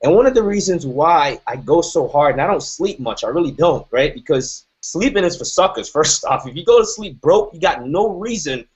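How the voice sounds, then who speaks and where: A man's voice: on the high side, animated, moderate pace, hardly any pauses, darkish tone, slightly rough. Emphatic man, dull lo-fi recording. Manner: emphatic, keeps asking "right?". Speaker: motivational speaker. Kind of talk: motivational talk.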